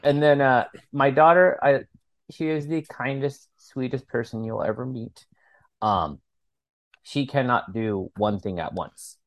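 A man's voice: mid-range voice, a little slow, lo-fi sound. A man co-hosting a podcast in casual chat, telling stories animatedly, acting out quotes and swearing freely. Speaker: podcast co-host.

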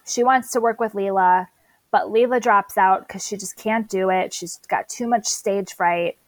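A woman's voice: medium pitch, steady tone, a little slow, dry recording, poor audio. Chatty woman recapping a show, dry sound. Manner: chatty, recaps plot with quoted dialogue. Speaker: podcast co-host recapping a TV episode. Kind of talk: casual chat.

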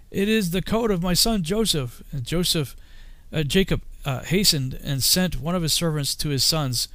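A man reading an old scripture text aloud in a solemn, measured way, sometimes slipping and correcting himself. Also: fairly high pitch, a bit bright, no echo. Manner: solemn, archaic phrasing with occasional slips and self-corrections. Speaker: reader.

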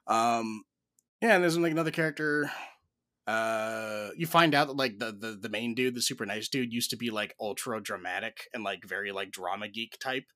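A man co-hosts a podcast in easygoing casual chat. His voice is bright. He rambles through stories, packing them with fillers and breaking into laughs. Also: lowish voice, normal speed. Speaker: podcast co-host.

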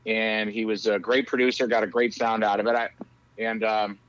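A man in his fifties, a guest talking casually about his films and music in a rowdy, loud-mouthed, profane way. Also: fairly low pitch, little pitch movement, normal speed, no room sound, lo-fi sound. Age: 50s. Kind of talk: casual interview chat.

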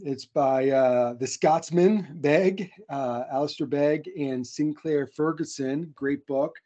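A man's voice: on the high side, takes it slowly, mellow. Earnest man on a lo-fi podcast. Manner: earnest, friendly, lots of fillers and restarts. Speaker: podcast co-host. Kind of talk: casual conversational podcast. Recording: dull lo-fi sound.

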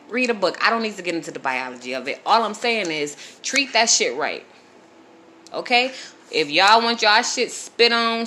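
A woman of about forty, with a medium-pitched, sharp-toned voice, talks unscripted on a live stream. She gives blunt, profane, preachy advice, addressing her viewers directly.

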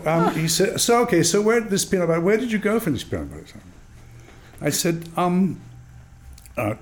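Animated older man telling stories. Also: sits high, moderate pace, pauses often, a little hiss or hum. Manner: animated, acts out dialogue in voices, laughs often. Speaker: actor and drama teacher. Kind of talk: storytelling interview.

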